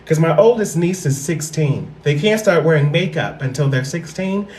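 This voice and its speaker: A woman hosting a livestream, telling a story in a casual, animated way. She repeats phrases for effect and swears freely. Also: deep voice, moderate pace, a little hiss or hum. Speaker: livestream host. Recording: roomy echo.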